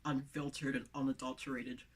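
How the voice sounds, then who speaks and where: A woman's voice: rumbling low, flat delivery, fairly quick, husky. A woman with a lisp, speaking to camera as a motivational vlogger, with emphatic, repeated phrases, recorded inside a van on the camera mic.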